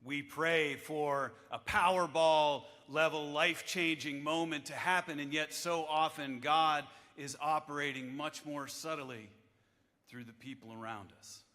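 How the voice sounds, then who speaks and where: Chaplain man with a bright voice in an echoey hall. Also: on the high side, steady tone. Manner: wry storytelling, measured. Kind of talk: devotional address to lawmakers. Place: large legislative chamber. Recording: echoey hall with long reverb.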